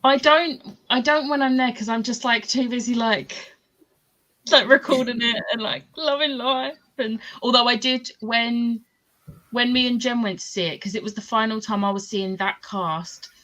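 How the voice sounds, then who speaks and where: A woman's voice: on the high side, moderate pace, pushed and bright, highs cut off. A woman chatting casually about books on a video call, rambling with lots of fillers. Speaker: booktuber host. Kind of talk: casual chat.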